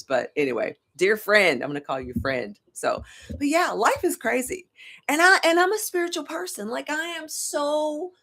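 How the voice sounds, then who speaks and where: Chatty middle-aged woman, lively pitch. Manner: chatty, rambling, laughs often, swears casually. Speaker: tarot reader and life coach. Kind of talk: casual chat to camera.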